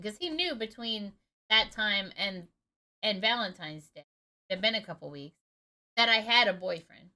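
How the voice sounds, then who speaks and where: A woman's voice: mid-range voice, expressive, normal speed, bright, forceful tone. A woman in her thirties streaming from home, telling a personal story in a casual, candid way and swearing freely. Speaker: gaming streamer.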